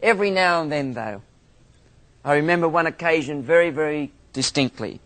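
A man's voice: a little high, lively intonation, normal speed, a bit bright. A man from Australia with an Australian accent, a minister giving a theology lecture full of humorous, self-mocking stories.

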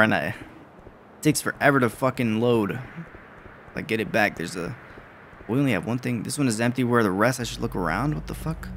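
A man's voice: mid-range voice, a bit bright, a little hiss or hum. A man playing a horror game and commenting casually, swearing often and reacting jumpily. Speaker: gaming video creator.

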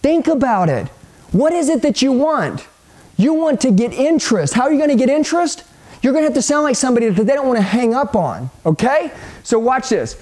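A middle-aged man giving an energetic sales training talk, punchy and hyped, speaking straight to the listener and acting out phone calls. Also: very high-pitched, fairly quick.

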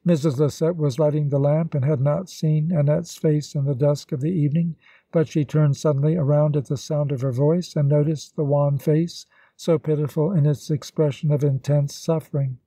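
A man narrating a classic novel as an audiobook, reading in a steady, even manner. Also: a little high, moderate pace, husky, no room sound.

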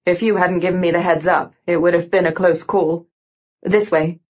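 Terse young guy, lowered voice, short clipped answers, woman reader doing him, dull lo-fi sound. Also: fairly even intonation, moderate pace, natural voice. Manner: low, clipped, terse replies. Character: young man, guarded and dryly composed. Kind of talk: audiobook dialogue.

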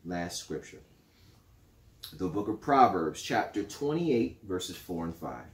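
A man teaching a bible study in a playful, animated preaching manner. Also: low-pitched, slow. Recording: roomy echo.

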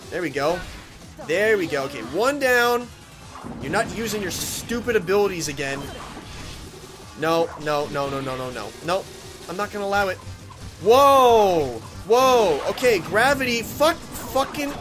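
Brief: high-voiced male let's-play host, excitable, trash-talks bosses, faint game music behind. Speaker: gaming channel host.

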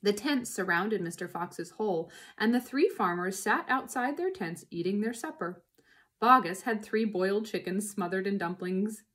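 A woman reading a children's book aloud, narrating in an expressive way. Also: medium pitch, normal speed. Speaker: reader.

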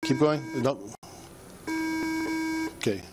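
Patient police officer coaching a breath test. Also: male voice, medium pitch, slow pace. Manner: patient, repetitive coaching commands. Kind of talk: giving breath-test instructions. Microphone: body camera. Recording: noisy body camera audio.

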